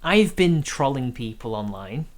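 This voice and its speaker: A man's voice: medium pitch, sing-song, measured pace. A man from Britain hosting a casual live stream, rambling and hesitant, laughing often between points. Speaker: stream host.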